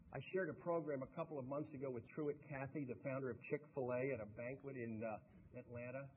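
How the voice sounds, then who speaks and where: An older man giving a motivational speech to a live audience, animated and humorous, pushing his punchlines out loud. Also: medium pitch. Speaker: motivational speaker. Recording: tinny lo-fi recording with faint noise.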